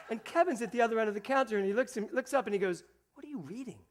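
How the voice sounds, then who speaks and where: A man preaching a sermon to a congregation, animated, acting out the voices he quotes and speaking directly to his listeners. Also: high-pitched, racing, few pauses. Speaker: minister.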